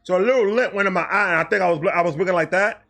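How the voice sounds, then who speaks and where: Guy with a high voice telling a funny story from his life, swears a lot, acts out all the bits. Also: rapid-fire, vocal fry. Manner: animated, profane, acts out quotes. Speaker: storytelling host. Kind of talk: comedic storytime monologue.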